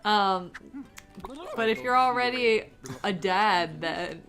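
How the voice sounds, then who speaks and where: A woman's voice: mid-range voice, takes it slowly. Woman making dry asides over game music. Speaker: co-host playing a video game. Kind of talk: casual gameplay chat.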